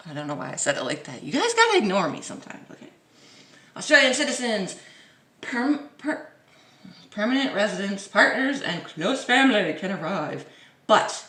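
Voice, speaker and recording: A woman vlogger with a medium, slightly bright voice reads a news article aloud casually, often stopping for mocking, playful sarcastic asides. She sounds dry-throated, and she's far from the mic in a roomy, echoing space.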